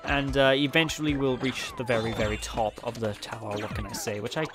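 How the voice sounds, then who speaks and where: A man with a Welsh accent rambles through casual, self-mocking let's-play commentary as he plays a video game. His medium-pitched voice is flat and brisk, and game music plays behind him.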